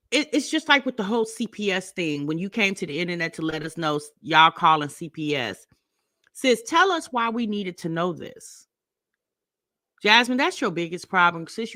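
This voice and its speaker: A woman's voice: on the low side, bright, forceful tone, no echo, studio quality. A woman hosting a reaction channel, delivering blunt, scolding, sarcastic commentary.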